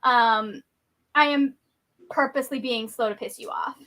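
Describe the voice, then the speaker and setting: A woman co-hosting a livestream in animated casual chat, laughing a lot and reassuring the host. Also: fairly high pitch, unhurried, very noisy.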